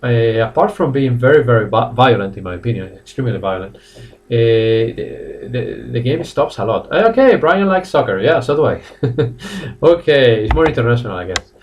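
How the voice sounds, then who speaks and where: A man with a Spanish accent teaching a live online English lesson, animated, laughing often and calling on viewers by name. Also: mid-range voice, moderate pace, recorded from a distance, dull audio. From Spain. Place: classroom.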